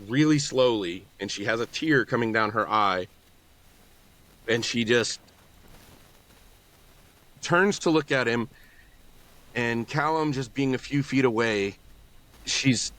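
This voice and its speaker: A man narrating a tabletop game as game master, in a slow, halting storytelling manner. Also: medium pitch, fairly bright tone.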